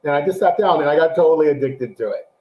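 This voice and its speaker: A man co-hosting a casual show, chatting animatedly about a TV series and acting out quotes in a high, excited voice. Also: fast, roomy sound, highs cut off. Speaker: podcast co-host. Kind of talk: casual chat, show review.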